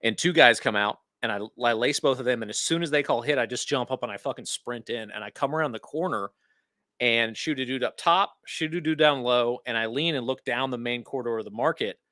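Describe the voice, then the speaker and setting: A man co-hosting a podcast, telling a story in an animated and profane way in casual chat. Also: medium pitch, brisk, dry recording. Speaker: podcast co-host.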